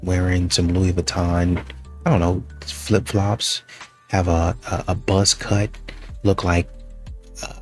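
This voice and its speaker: Very deep-voiced man, wry commentary. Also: little pitch movement, slow, long pauses, soft background music. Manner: wry, conversational argument.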